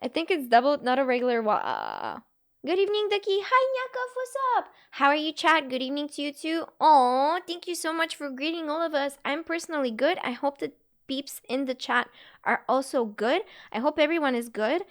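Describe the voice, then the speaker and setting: A young woman with a high voice hosts a casual live stream. She giggles often and reacts to chat messages one after another in a loose, chatty way. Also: sing-song, moderate pace. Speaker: Twitch streamer.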